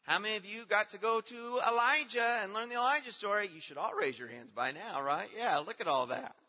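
A man leads a children's Bible program in a church hall, quizzing the kids and praising their answers. His high-pitched voice is brisk, bright and forceful with lively intonation. The sound is dull and lo-fi in a reverberant hall.

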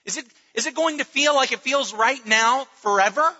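Bright-voiced earnest male preacher. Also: very high voice, normal speed, husky. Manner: earnest, restarts words, dips to near-murmur at times. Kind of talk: sermon. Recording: dull lo-fi audio with long reverb.

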